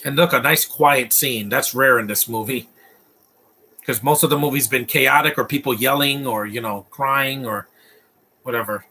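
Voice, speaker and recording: A man's voice: medium pitch, moderate pace, sharp tone, breathy edge. A man giving casual, opinionated live commentary while watching a movie, rambling through asides and restarts.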